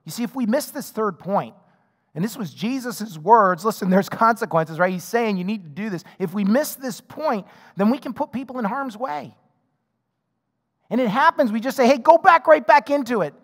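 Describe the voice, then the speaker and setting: A male pastor with a high-pitched voice preaches a sermon in a conversational way, often repeating a word as he restarts a thought. He plays out both sides of the conversations in his stories. His voice rings with the long reverb of a large hall. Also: moderate pace. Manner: acts out both sides of dialogues in his illustrations.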